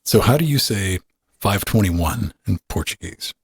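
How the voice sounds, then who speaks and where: Low-voiced husky man hosting a podcast. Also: animated, unhurried, no echo, studio quality. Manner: rambling, chuckling, self-interrupting. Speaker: podcast host. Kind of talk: casual live podcast chat.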